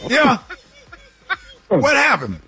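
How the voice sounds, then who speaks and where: A man's voice: very high voice, wildly swooping pitch, extremely slow, creaky, sharp tone. A man hosting a radio morning show, joking and teasing his co-host.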